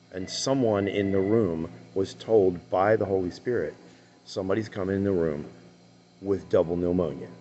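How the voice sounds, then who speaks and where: A man with a very deep voice talks slowly and earnestly, retelling the story in his own words. The recording sounds dull and lo-fi. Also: darkish tone. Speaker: online commentator. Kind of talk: commentary on a played clip.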